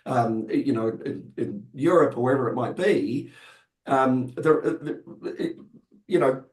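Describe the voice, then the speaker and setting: A man with a New Zealand accent, hoarse and croaky from being unwell, talking as a guest in a webinar with many fillers and restarts. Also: mid-range voice, a little slow, darkish tone, echoey room. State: hoarse from illness. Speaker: panel guest. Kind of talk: webinar discussion.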